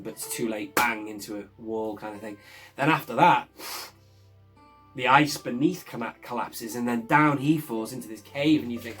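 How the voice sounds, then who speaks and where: A man's voice: mid-range voice, fairly bright tone. Enthusiastic man recapping an episode. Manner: enthusiastic, chuckles often while recounting. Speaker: show reviewer.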